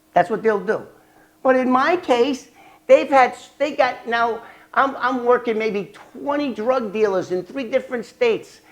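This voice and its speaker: An older man vlogging about his past as an informant, telling it in a rambling, animated way with restarts and fillers. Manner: animated, acts out quoted dialogue with sharp jumps in pitch and loudness. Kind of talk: casual storytelling vlog.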